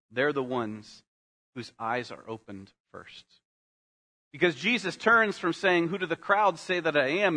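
A male pastor preaching a sermon, earnest, slowing down and dropping to a soft voice on key phrases, calling his listeners "guys". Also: medium pitch. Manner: earnest, slows down and drops softly on key phrases; addresses congregation as "guys".

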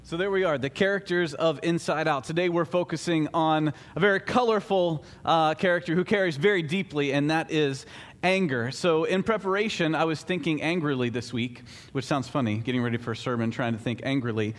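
Pastor guy giving a sermon, casual and a bit jokey, slightly high voice. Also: a little fast. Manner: conversational, lightly humorous preaching.

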